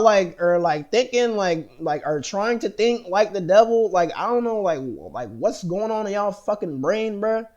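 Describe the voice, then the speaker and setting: American male vlogger, slightly higher voice, loose rambling monologue packed with fillers and cursing. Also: lively intonation, normal speed, few pauses, darkish tone, muffled recording. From United States. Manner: profane, rambling, heavy with fillers and restarts.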